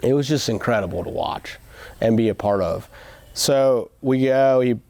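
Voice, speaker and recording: A man's voice: mid-range voice, moderate pace, a little mellow, dry recording. A man hosting a casual motivational talk, telling a story in a rambling way with restarts and quoted asides. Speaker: host.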